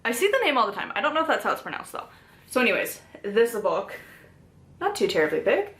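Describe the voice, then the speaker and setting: A woman's voice: on the high side, very animated, fast, a bit bright. Woman, book reviewer, casual chat, filler-heavy, chatty. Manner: chatty, frequent "like" fillers, laughs often.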